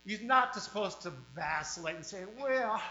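Forceful, emphatic man preaching a sermon. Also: on the high side, animated. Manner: emphatic preaching with sudden swings in loudness and drawn-out words. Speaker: pastor. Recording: roomy, dull sound with faint mains hum.

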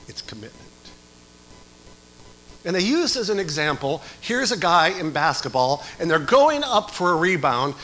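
A middle-aged pastor preaches with a bright, ringing voice pitched a little high. He drops low and quiet, then climbs into shouted calls to his flock. A faint hiss sits under the recording. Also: low-quality recording. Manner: swings from quiet to shouting exhortation. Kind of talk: sermon.

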